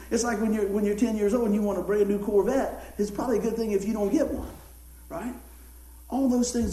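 A man preaching a sermon, folksy and animated, telling stories and acting out voices. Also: sits high, echoey room, poor audio. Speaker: pastor. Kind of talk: sermon with storytelling.

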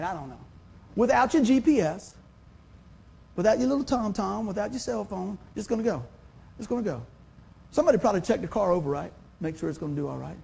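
A man's voice: high-pitched, creaky, warm tone, breathy edge. A man, preaching a sermon in a folksy, conversational way. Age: 50s. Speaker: pastor.

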